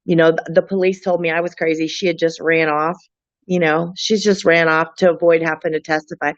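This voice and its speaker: Lady with a lowish voice talking earnest and halting, dry muffled call audio. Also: level tone, no echo. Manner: earnest, halting, many restarts. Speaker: guest, friend of a missing woman. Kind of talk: emotional interview talk.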